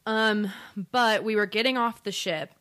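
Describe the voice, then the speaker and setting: A woman's voice: medium pitch, measured pace, fairly bright tone. A young woman co-hosting a podcast, telling a story in casual chat with her sister and laughing often. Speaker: podcast co-host.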